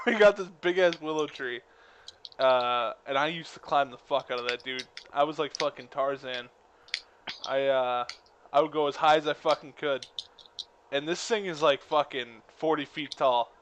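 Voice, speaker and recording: A man's voice: a little high, moderate pace, a bit bright, dull audio, a little hiss or hum. A young man telling a childhood story in casual chat, laid-back, swearing and laughing.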